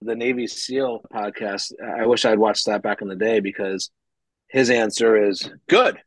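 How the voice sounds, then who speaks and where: A man telling stories from his business career in a casual podcast chat, acting out what people said with animated energy and frequent laughs. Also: lowish voice, moderate pace, dry recording, rough recording. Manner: animated, acts out quoted dialogue, frequent laughs.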